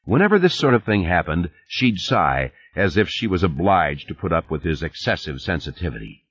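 A man narrating an audiobook in a measured, expressive reading, recorded on a dull lo-fi cassette. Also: low-pitched, slightly rough, dry recording. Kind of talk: scripted narration.

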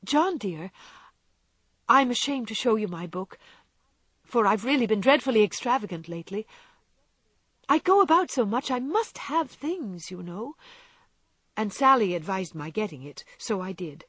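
A woman's voice: mid-range voice, sing-song, moderate pace, long pauses, a bit bright, husky, dry recording. A woman voicing an anxious, remorseful young wife in a storybook reading, pleading and emotional. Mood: apologetic.

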